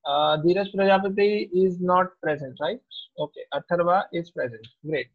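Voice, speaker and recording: A man, a teacher taking attendance in an online class in a slow, unhurried way. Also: high-pitched. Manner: slow, unhurried roll call. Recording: tinny, phone-like audio.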